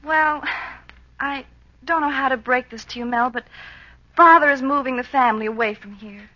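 A woman's voice: high-pitched, normal speed, bright, forceful tone, dull audio. An actress playing a sweet but impatient young girlfriend in a 1940s radio comedy. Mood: exasperated. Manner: scolding, exasperated.

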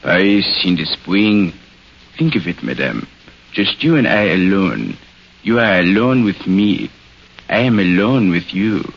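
A man impersonating a suave romantic Frenchman in a low, resonant voice with a mock French accent, on an old radio broadcast. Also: very animated, measured pace, creaky, husky, full character voice. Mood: smitten, crooning. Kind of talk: 1940s radio impression. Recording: dull 1940s radio broadcast.

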